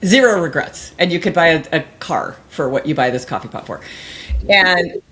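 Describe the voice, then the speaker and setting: Rambling, animated middle-aged woman. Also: fairly low pitch, normal speed. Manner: rambling, animated, many restarts, mimics voices. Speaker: guest author. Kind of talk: casual interview storytelling.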